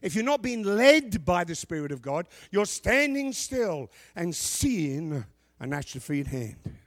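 A middle-aged male pastor preaching a sermon. He reads scripture loudly and drops into quiet asides. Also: slow pace, no room sound. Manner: animated preaching, swings from shouted scripture to low asides.

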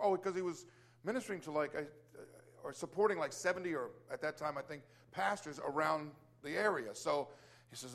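High-voiced man preaching a testimony. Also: fairly quick. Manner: animated, repeats words, exclaims hallelujah. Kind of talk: testimony sermon storytelling.

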